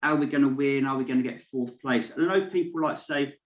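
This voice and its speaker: A man's voice: medium pitch, steady tone, brisk, hardly any pauses, dull audio. A man hosting a podcast, asking rambling questions full of hesitant fillers. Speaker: podcast host. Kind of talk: casual podcast interview. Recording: echoey room.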